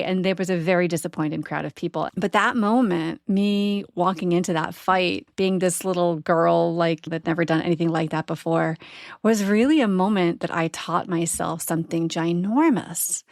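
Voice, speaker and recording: A woman's voice: fairly low pitch, dry recording, clean studio sound. A middle-aged woman hosting a podcast, telling a personal story earnestly and reflectively, often checking in with "right?". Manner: earnest, reflective, frequent "right?" asides and laughs. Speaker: podcast host.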